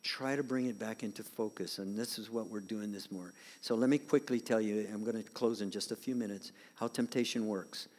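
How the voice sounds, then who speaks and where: An older man preaching a sermon as pastor of a church, swinging from loud emphatic points to soft whispered asides. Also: on the low side, fairly even intonation, fairly quick, hardly any pauses, long reverb tail.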